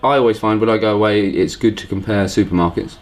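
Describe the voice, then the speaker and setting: A man's voice: fairly low pitch, fast talker, slight background noise, poor audio. A man hosting a casual vlog, dry and self-mocking, with lots of ums. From England. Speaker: host.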